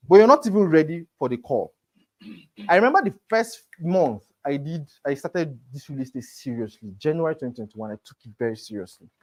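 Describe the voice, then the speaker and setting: Energetic man teaching sales. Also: fairly high pitch. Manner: energetic, emphatic, talks straight to the class. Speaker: real estate sales trainer. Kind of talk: motivational class lecture.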